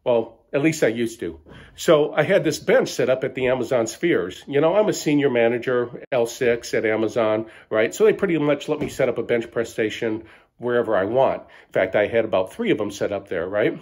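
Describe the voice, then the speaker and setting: A man's voice: medium pitch, brisk, a little mellow. A middle-aged man telling a mock-bragging comic story in a boastful, bro-ish way, ending lines with "right?". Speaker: comedic storyteller.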